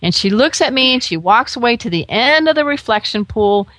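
A woman's voice: a little high, lively intonation, brisk, fairly bright tone, no room sound, studio quality. A woman hosting a pet radio show, chatting in a bubbly, jokey way and laughing often. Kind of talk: casual radio interview.

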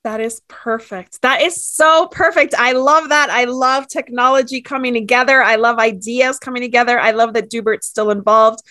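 A woman's voice: fairly high pitch, steady tone, moderate pace, few pauses, bright, forceful tone. A woman hosting an interview show, enthusiastic and effusive with her guest. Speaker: podcast host. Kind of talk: casual interview chat.

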